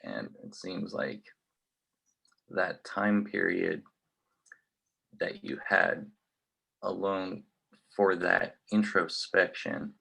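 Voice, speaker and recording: Young college guy, super low and croaky, bright edge, lots of ums. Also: very slow, pauses often. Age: young adult. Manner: hesitant, many fillers. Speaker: college student asking questions. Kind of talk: casual conversation.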